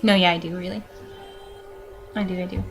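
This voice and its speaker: A woman's voice: on the low side, fairly even intonation, fairly quick, vocal fry, music in the background. A nineteen-year-old woman casually rambling through follower questions in a vlog, with lots of fillers, sighs and little laughs. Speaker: vlogger answering follower questions.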